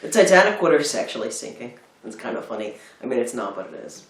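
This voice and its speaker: A man's voice: mid-range voice, sing-song, fast, fairly bright tone, a little hiss or hum. A man from Philadelphia co-hosting a casual film chat, telling rambling stories and acting out what people said. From United States (Philadelphia). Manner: rambling storyteller, acts out quotes. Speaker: film review co-host. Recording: roomy, distant mic.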